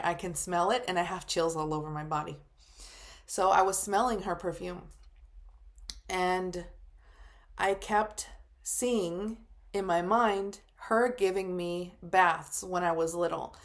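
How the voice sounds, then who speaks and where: A woman's voice: on the low side, a little slow. A woman in her thirties, a psychic medium, telling her personal story to the camera in a casual, emotional way, full of "like" fillers.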